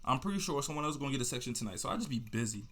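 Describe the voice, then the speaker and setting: Young man, podcast host, casual storytelling, slangy, rambling, mid-pitched voice. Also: expressive, racing, fairly bright tone. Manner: rambling, slangy, restarts and asides.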